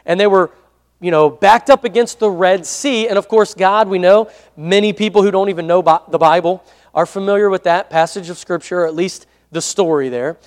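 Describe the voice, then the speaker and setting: Male pastor, high voice, chatty sermon, asks for amens, reverberant church hall. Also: a little fast. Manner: conversational preaching with frequent amen prompts.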